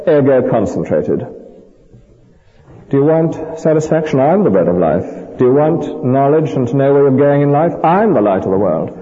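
A man's voice: on the high side, mellow. A man preaching a sermon from a church pulpit, emphatic and anecdotal with dry humorous asides. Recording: dull lo-fi recording with long church reverb.

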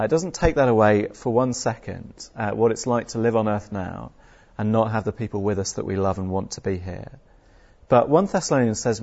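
Lively British preacher with a slightly dull sound. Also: male voice, on the low side, vocal fry. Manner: lively, conversational, many fillers, mock-taunting asides. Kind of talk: sermon.

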